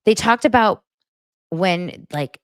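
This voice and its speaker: A woman's voice: mid-range voice, slow, dry recording, studio quality. A woman hosting a podcast, chatting casually and expressively as she recaps reality TV and acts out the cast's lines. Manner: gossipy and expressive, acts out quotes. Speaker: podcast host.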